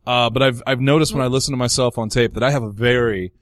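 A man's voice: mid-range voice, fairly even intonation, fast, no echo, clean studio sound. A man hosting a casual radio talk show, telling rambling, self-deprecating stories.

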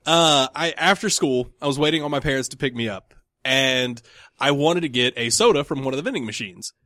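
A man's voice: medium pitch, brisk, bright, forceful tone, dry recording. Podcast guy from the south, laughs a lot, rambles, dry close sound. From American South. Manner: laughs often, rambling storyteller. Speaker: podcast co-host. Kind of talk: casual chat.

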